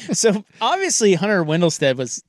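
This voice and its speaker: A man hosting a casual sports talk show, telling stories in a relaxed way and laughing easily. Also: high voice, no room sound, studio quality.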